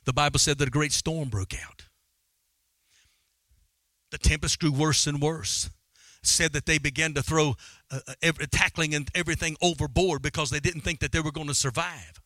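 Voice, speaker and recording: A man's voice: fairly high pitch, fairly even intonation, moderate pace, pushed and bright, no echo. A man preaching a sermon in a fervent, dramatic style. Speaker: pastor.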